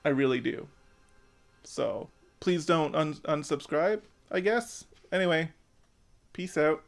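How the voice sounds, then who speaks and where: A man's voice: on the high side, animated, slow pace, vocal fry, faint music behind. A man in his thirties giving an earnest, emotional personal rant as a vlogger, swearing now and then. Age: 30s.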